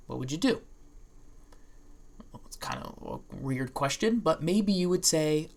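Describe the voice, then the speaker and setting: Low gravelly woman teaching a lecture. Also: moderate pace. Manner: lively, playful, acts out imagined students; talks in restarts and asides. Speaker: statistics professor. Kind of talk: recorded lecture.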